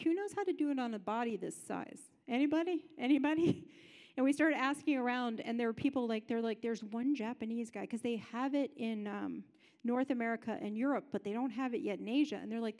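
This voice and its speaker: Woman with a high voice telling a story. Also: a little mellow, long reverb tail. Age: adult parent. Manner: conversational storytelling that acts out other people's lines. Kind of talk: personal story within a sermon.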